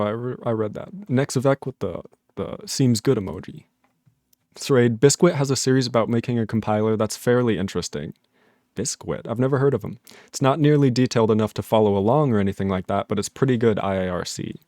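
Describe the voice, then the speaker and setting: A man's voice: medium pitch, a little mellow, dry recording, studio quality. A man on a casual live stream, reading chat messages aloud, laughing often and puzzled by the jokes.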